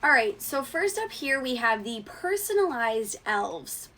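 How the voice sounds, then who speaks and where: Woman host, sassy casual commentary, cursing, voice cracking up high, higher-pitched voice. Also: very animated, a little slow, hardly any pauses, sharp tone. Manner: sassy, swearing, mock-outraged; voice cracks when going high. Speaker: show host.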